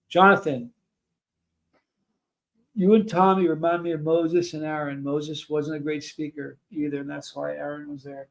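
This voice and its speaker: A man's voice: a little high, flat delivery, normal speed, creaky. A man hosting a livestream, talking earnestly and emotionally to his chat, rambling and restarting his sentences. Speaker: livestream host.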